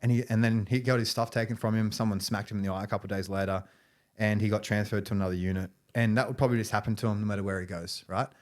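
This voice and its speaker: A man's voice: on the low side, steady tone, rapid-fire. A man, a podcast guest, telling stories in casual conversation, rambling and restarting phrases, with frequent "you know" and "right".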